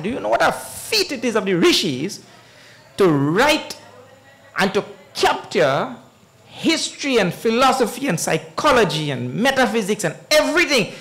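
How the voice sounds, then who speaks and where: Swami preaching, voice jumps all over, fairly high, keeps asking the crowd eh?. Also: male voice. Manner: animated storytelling, chuckles, asks the audience "eh?". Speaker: swami giving a scripture discourse. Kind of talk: sermon.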